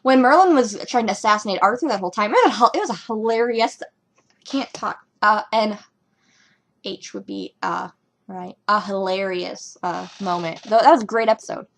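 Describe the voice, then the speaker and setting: A young woman talking casually as a fan reviewing a TV episode, rambling and excitable with lots of ums and likes. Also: medium pitch, normal speed, creaky. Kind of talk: casual fan reaction commentary.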